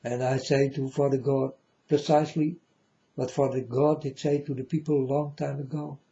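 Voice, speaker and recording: Dark, flat-voiced man preaching insistently. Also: medium pitch, normal speed. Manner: repetitive, insistent, addresses listeners as folks. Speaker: self-styled religious speaker. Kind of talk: preaching monologue to viewers. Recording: dull lo-fi recording.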